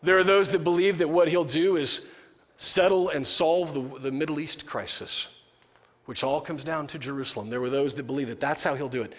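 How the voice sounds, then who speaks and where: A man with a fairly high voice preaches a sermon in a casual, joking manner and often restarts his sentences. The recording carries a long reverberant tail, as in a large hall. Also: steady tone, normal speed. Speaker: pastor.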